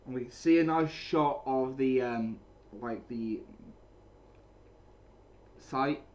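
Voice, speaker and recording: A man's voice: medium pitch, slow pace, darkish tone, dull audio. A man casually recapping and reviewing a comic chapter, rambling with many restarts and repeated phrases, speaking from a small room at home. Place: small cold room indoors with a heater running.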